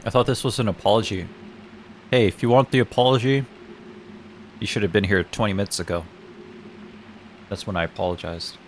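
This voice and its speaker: A man with a somewhat low voice chats casually through a game stream. He rambles, swears, laughs at himself and trips over his own sentences. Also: fairly even intonation, fairly quick, long pauses, a little hiss or hum. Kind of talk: casual gaming stream commentary.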